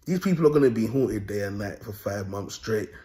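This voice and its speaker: A man's voice: lowish voice, lively intonation, a little fast, mellow. A young man talking casually to his viewers, rambling and boastful, full of slang and repeated phrases. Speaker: vlogger. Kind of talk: casual monologue to camera.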